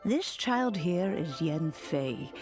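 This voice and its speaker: An actress playing a kindly, ancient grandmotherly woman in a game, speaking softly, formally and dotingly to a child. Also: on the low side, expressive. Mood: gently formal. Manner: soft, unhurried, formal and doting. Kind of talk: game character dialogue. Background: game music.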